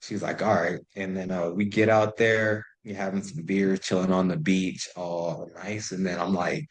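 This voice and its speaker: A man's voice: deep voice, level tone, moderate pace, rough recording. A man in his thirties, a podcast guest, telling stories in loose, profane casual chat full of "like". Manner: loose and profane, heavy use of "like".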